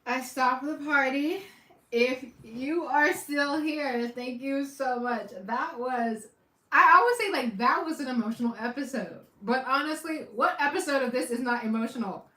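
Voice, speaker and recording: A woman's voice: high voice, measured pace. Woman reacting to a show, echoey and far off. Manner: animated, repeats phrases, swings between loud outbursts and quiet asides. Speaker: watch party host. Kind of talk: casual reaction commentary. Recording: echoey room, far from the mic.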